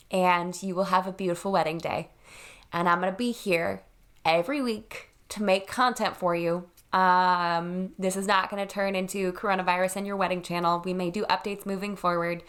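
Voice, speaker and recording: A woman's voice: on the low side, steady tone, moderate pace, fairly bright tone. A woman in her thirties, a wedding planner, talking earnestly and reassuringly to camera from her home. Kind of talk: direct-to-camera vlog.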